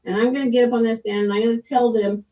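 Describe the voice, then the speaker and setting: A candid middle-aged woman tells her story in a rambling, frank way, dropping the odd swear word. Her voice sits a little high and comes over a tinny, phone-like line from some distance off the mic. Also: fairly even intonation, fast talker. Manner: rambling, candid, with frequent restarts and mild swearing. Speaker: client sharing a testimonial. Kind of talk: casual personal testimony.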